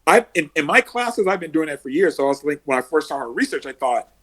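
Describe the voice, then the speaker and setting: Husky-voiced man coaching with animated stories. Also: fairly high pitch, fast. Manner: animated storyteller, acts out quotes and heroic laughs. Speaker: emotional success coach. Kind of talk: podcast guest explaining.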